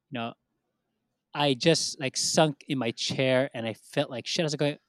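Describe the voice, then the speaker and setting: A man telling a story in casual chat, animated, acting out what others said in raised voices and swearing freely. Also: mid-range voice, normal speed, dry recording, clean studio sound.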